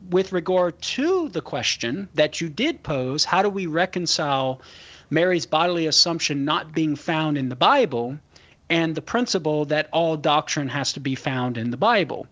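A man's voice: a little high, fairly bright tone, lo-fi sound. A man answering a caller's question on a talk show, laying out his points methodically and in a friendly way. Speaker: Catholic apologist guest.

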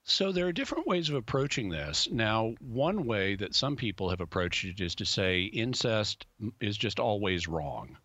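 A man speaking as a guest expert on a radio show, explaining points thoughtfully with many pauses. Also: fairly low pitch, sing-song, bright, forceful tone, no room sound, muffled recording.

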